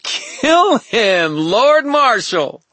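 Mad fairy queen as a man puts her on, high taunting voice, dry close sound. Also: very animated, drawn-out words, a bit bright, no room sound, full character voice. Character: mad, enticing fairy queen woman, cruel.

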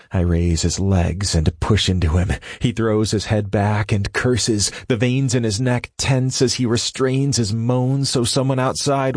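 A man narrating a first-person audiobook in a steady, measured reading. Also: deep voice, slightly rough, no room sound, studio quality.

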